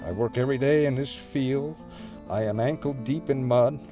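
A man's voice: medium pitch, moderate pace, warm tone, faint music behind, close to an everyday voice. A man reading out a weary, despairing young immigrant farmhand who pleads with an empty sky. The farmhand sounds worn down and desperate, and his voice rises as he calls out for help. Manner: pleading, questioning heaven.

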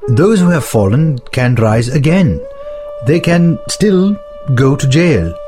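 A solemn, earnest leader over sitar. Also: male voice, on the high side, big pitch swings. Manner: measured, solemn and formal. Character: earnest male leader writing to followers and son. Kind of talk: documentary reading of historical letters and speeches. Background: music with sitar.

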